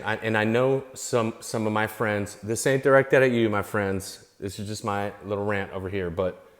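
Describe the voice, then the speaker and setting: Man, somewhat low voice, worked up, unscripted rant, profane, repetitive, restarts phrases. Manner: heated, profane, repeats himself, restarts phrases. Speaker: vlogger. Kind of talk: unscripted angry rant to camera.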